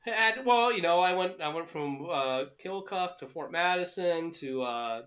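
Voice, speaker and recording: A man co-hosting a podcast in casual chat over an internet call, halting with frequent fillers and restarts. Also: fairly high pitch, animated, a bit bright. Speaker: podcast co-host.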